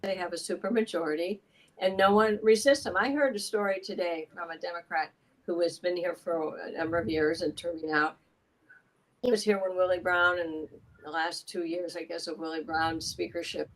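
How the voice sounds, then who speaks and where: A woman's voice: fairly low pitch, fairly even intonation, normal speed, low-quality recording. A woman state assemblywoman giving an emphatic interview as a podcast guest, talking at length with asides. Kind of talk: casual political interview.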